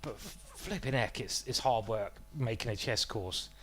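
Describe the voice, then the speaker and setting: A man's voice: medium pitch, animated, normal speed, fairly bright tone. A man talking casually on a live stream as a chess streamer, rambling and informal with the odd swear word.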